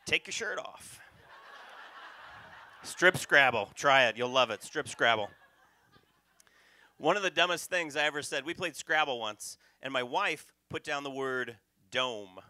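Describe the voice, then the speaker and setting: Bright-voiced man doing stand-up. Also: mid-range voice, measured pace, no echo. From North Carolina, USA. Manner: punchy, loud crowd work. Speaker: stand-up comedian. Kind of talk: stand-up comedy set. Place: comedy club stage.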